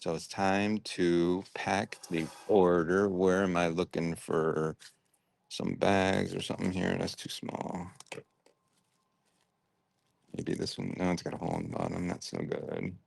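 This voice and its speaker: A man's voice: sits low, fairly even intonation, a little slow, creaky, no room sound. A man hosting a livestream, chatting casually and thinking aloud while he sorts and packs orders. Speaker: livestream host sorting and packing toy brick orders. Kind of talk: casual chat while working.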